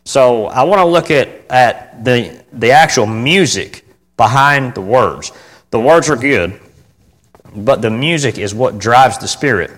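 A man's voice: medium pitch, lively intonation, a little slow, fairly bright tone. A man giving an informal sermon on church music to a congregation, speaking conversationally, repeating key phrases for emphasis and asking the room for responses. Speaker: preacher teaching on church music. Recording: long hall reverb.

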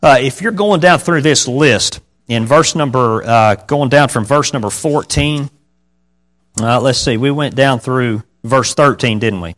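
A man delivers a sermon in an easy, conversational way, with a voice of ordinary middle pitch. He keeps asking his congregation questions. He reads scripture aloud in old-fashioned wording. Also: a little slow, fairly bright tone. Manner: conversational preaching with rhetorical questions. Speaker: pastor.

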